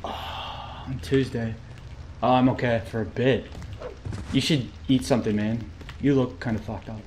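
Excitable swearing male game streamer. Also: medium pitch, unhurried, slight background noise. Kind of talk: live gameplay commentary.

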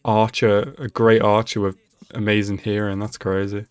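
A man hosting an anime reaction video, talking casually and excitedly at the screen, laughing often. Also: fairly low pitch, normal speed, clean tone, no room sound. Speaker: anime reaction channel host.

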